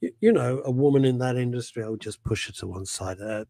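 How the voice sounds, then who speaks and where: A man's voice: medium pitch, fast, vocal fry, warm tone, dry recording. Passionate man hosting radio. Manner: passionate, emphatic opinions with repetitions. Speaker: radio show host. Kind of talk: casual talk radio chat.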